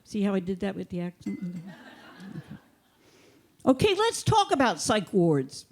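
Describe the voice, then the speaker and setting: Deadpan woman doing stand-up. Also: medium pitch, a little slow, slight background noise. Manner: deadpan, mock-authoritative. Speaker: stand-up comedian. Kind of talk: stand-up comedy set. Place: comedy theater stage.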